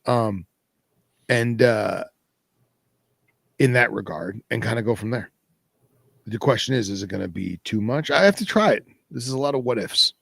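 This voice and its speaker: Gravelly man rambling on a podcast. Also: medium pitch, lively intonation, normal speed, pauses often, a bit bright, no room sound. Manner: rambling, filler-heavy, laid-back. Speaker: podcast host. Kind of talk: casual chat.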